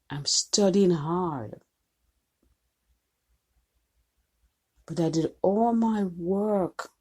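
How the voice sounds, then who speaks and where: A woman's voice: low-pitched, a little mellow, slightly rough, voice pushed down, full character voice. A woman voicing a college student who complains and blames everyone else for a failed test. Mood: glum. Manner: indignant, blaming, whiny.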